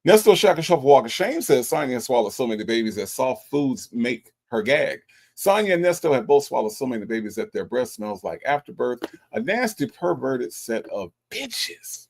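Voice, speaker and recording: A man hosting a live stream, chatting casually and teasing his chat with an animated delivery. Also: mid-range voice, brisk. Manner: animated, teasing, mocks chat with exaggerated voices. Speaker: livestream host.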